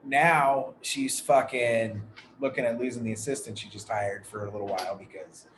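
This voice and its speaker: A man hosting a podcast, telling a story in a loose, rambling way and swearing constantly. His voice sits at an ordinary middle pitch. The room is echoey, with a faint hiss of noise underneath. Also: fairly even intonation, moderate pace. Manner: rambling, heavily profane storytelling. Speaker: podcast host. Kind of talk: casual storytelling chat.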